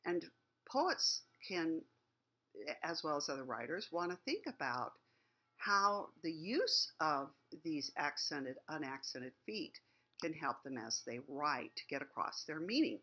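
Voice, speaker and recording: A woman's voice: deep voice, big pitch swings, unhurried, bright, forceful tone. A woman teacher giving a lecture on poetry, explaining things patiently and thinking aloud as she goes.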